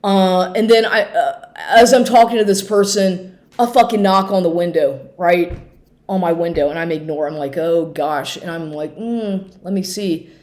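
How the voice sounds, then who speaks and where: A woman's voice: lowish voice, fairly even intonation, moderate pace, a little mellow. A woman telling an angry personal story as a vlogger, profane and agitated, rambling with many restarts.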